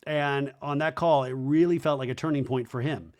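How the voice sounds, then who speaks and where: A man hosting a podcast, recapping a reality show in a chatty, animated way. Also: medium pitch, moderate pace. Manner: chatty and animated, lots of "like" and asides. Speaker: podcast host.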